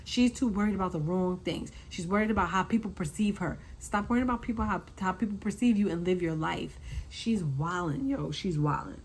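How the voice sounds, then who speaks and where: A woman hosting a casual recap, talking in an animated way, repeating her points and acting out quotes. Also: lowish voice, a little fast, a little hiss or hum, low-quality recording. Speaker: reality TV recap host.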